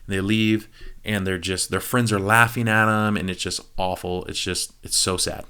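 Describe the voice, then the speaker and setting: A man giving a casual movie review, retelling the plot in an animated way with quick asides to the viewer. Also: sits low, smooth. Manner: animated storytelling, quick asides to the viewer, acts out quoted lines.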